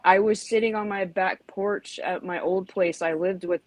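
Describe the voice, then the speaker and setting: A woman's voice: mid-range voice, fairly even intonation, normal speed, dry recording, rough recording. Chatty woman in her forties. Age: 40s. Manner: rambling, lots of "you know" and "like", acts out yelps. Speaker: podcast host. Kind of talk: casual storytelling chat.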